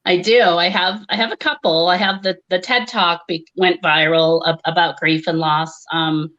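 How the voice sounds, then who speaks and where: A woman's voice: fairly low pitch, steady tone, moderate pace, fairly bright tone, highs cut off. A woman telling a personal story in a wry, conversational way, laughing often. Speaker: conference speaker, comedian. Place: live online conference.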